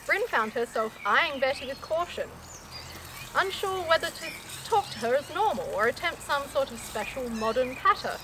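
A woman's voice: sits high, expressive, normal speed, background noise. A woman reading a comic story aloud in an amused, playful way. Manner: amused, often laughing between lines.

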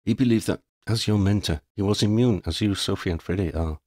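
A man reading the part of a calm, knowledgeable companion in an audiobook, in a gentle, measured way. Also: on the low side, no echo, studio quality, close to an everyday voice.

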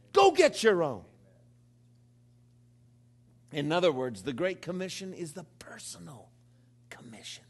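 A man in his fifties preaching a sermon, calling on the congregation to respond, dropping to low murmurs and rising to loud, high exclamations. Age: 50s. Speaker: pastor.

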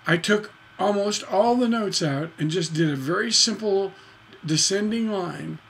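A man teaching songwriting on a charity livestream in a relaxed, folksy way, humming melodies on "da da" to show his points. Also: high voice, unhurried, gravelly, slight background noise.

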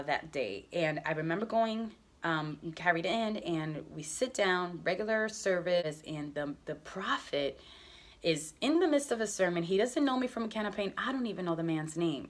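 A young adult woman telling her personal faith testimony in an earnest, conversational way, with many casual fillers. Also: mid-range voice. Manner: earnest, conversational, frequent "like" and "you know". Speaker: testimony speaker.

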